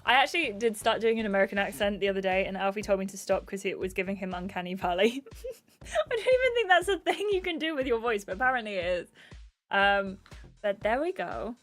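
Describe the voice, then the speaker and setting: A woman's voice: mid-range voice, sing-song, brisk, faint music behind. A woman live-streaming a dating game, chatting to viewers and reading the game text aloud. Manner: chatty, reacts and asks viewers questions. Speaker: gaming streamer.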